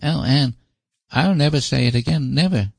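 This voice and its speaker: An anxious little boy with a high, pleading voice that stumbles over his words, as a man puts him on for a storybook. The voice sits well above the reader's own, dry and close to the mic. Hoarse at the edges. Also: normal speed, a little mellow, no echo. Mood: remorseful. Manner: pleading, hesitant, stammering. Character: small anxious earnest boy.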